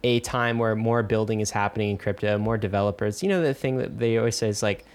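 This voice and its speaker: A man co-hosting a podcast in casual chat, talking in an animated, emphatic way with lots of fillers. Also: lowish voice, fast. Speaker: podcast co-host.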